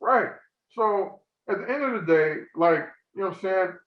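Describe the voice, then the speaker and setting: A man with a high, lifted voice rants in a loose, profane podcast chat, getting fired up as he argues his point. The sound is roomy and somewhat dull and lo-fi. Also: normal speed. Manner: animated, ranting, profane. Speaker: podcast co-host. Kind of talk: casual heated chat.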